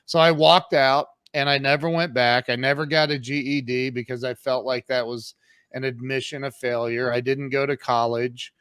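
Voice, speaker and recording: A man's voice: medium pitch, fairly even intonation, normal speed, fairly bright tone, clean tone, no room sound, studio quality. Candid man telling his story. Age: 50s. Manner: candid, emphatic, acts out quoted exchanges. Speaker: podcast guest. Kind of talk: casual storytelling in an interview.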